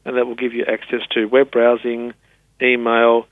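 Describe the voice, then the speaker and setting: A man, a technology specialist explaining things patiently and spelling words out slowly in an interview. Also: medium pitch, completely flat delivery, no room sound. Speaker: assistive technology specialist guest. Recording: tinny phone-line sound.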